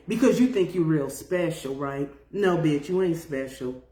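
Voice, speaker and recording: A woman's voice: low-pitched, animated, moderate pace, warm tone. A woman in her fifties hosts a loose live chat, reading viewer comments aloud. She talks bluntly, swears freely and breaks into laughter. Her voice rings in a roomy, echoing space. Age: 50s. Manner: blunt and profane, laughs often. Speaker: podcast host.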